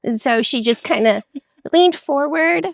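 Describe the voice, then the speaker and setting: A middle-aged American woman with a fairly high voice, mostly adding soft agreement. Her sound is dry and close. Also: animated, unhurried, vocal fry, no room sound. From United States. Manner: quiet, mostly backchanneling. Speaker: interviewee.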